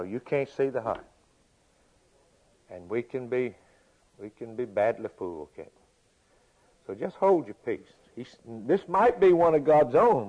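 A man's voice: medium pitch, dark tone. Man preaching a folksy sermon. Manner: folksy, repeats phrases, chuckles between points. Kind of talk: sermon reading and expounding scripture. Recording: dull lo-fi recording.

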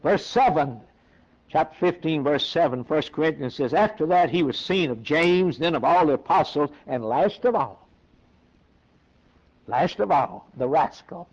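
A male preacher giving a sermon, animated, who breaks into a high emphatic voice for quoted lines and laughs between points. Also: a little slow. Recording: dull lo-fi recording.

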